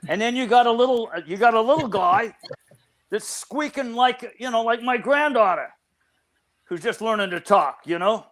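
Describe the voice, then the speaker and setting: High-voiced older man explaining patiently. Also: lively intonation, moderate pace, fairly bright tone. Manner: thoughtful, restarts phrases while explaining. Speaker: cryptozoology researcher guest. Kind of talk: explanatory interview talk.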